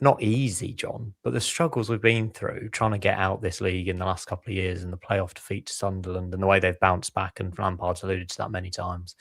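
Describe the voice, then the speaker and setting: A man's voice: deep voice, no room sound, studio quality. Chatty man hosting a football podcast. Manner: chatty, enthusiastic, steers the talk. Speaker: podcast host. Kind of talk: casual football podcast chat.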